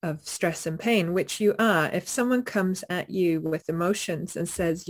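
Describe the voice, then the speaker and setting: A woman's voice: on the low side, measured pace. A woman in conversation, reflecting candidly on her own behaviour.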